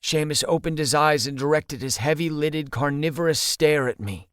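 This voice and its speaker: A man narrating an audiobook in the first person, steady and intimate. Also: on the high side, normal speed, clean tone, no echo, clean studio sound.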